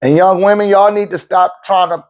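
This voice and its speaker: A man's voice: sits high, steady tone, normal speed, a little mellow. A middle-aged man, giving blunt, profane life advice in a casual monologue and laughing often.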